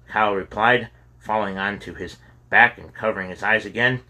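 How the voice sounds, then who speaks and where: Husky, bright-toned male storyteller. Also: on the low side, normal speed. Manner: steady storytelling with occasional stumbles. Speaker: audiobook narrator. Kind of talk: storybook reading aloud.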